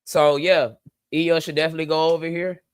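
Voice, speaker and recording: A man's voice: a little high, flat delivery, a little fast, smooth, dry recording. A man co-hosting a podcast, chatting emphatically and agreeing readily. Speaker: podcast co-host. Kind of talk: casual chat.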